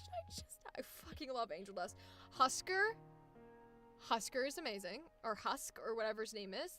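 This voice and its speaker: A woman voice actor chatting casually on a livestream, excitable, laughing often and swearing freely. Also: on the high side, normal speed, soft background music. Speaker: voice actor streaming with chat.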